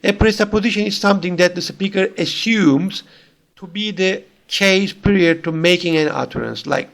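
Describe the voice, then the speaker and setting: तुर्की लहजे वाला पुरुष प्राध्यापक, हल्की खरखराहट वाली थोड़ी ऊँची आवाज़, धैर्य से समझाता हुआ।. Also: male voice, sits high, a little slow, vocal fry. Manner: explains patiently, switching between languages, with frequent fillers. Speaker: lecturer. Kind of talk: recorded university lecture.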